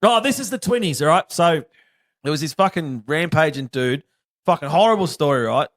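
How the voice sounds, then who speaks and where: Aussie bloke swearing every other word, voice jumps all over the place, dry close mic. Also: male voice, fairly high pitch, lively intonation, moderate pace, dry recording. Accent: Australian. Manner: swears constantly, tells stories animatedly. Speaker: podcast co-host. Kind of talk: casual chat.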